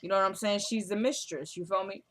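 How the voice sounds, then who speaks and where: In a medium-pitched, fairly even voice, a woman casually recaps a TV episode. She's chatty and slangy, uses fillers like "you feel me," and briefly acts out the characters' lines in quick paraphrase.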